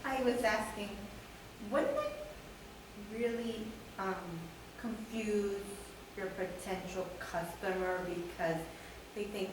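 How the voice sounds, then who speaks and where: A woman's voice: medium pitch, lively intonation, takes it slowly, noisy background. A woman student asking questions in class, hesitant and thinking aloud as she talks. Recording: echoey classroom from far off.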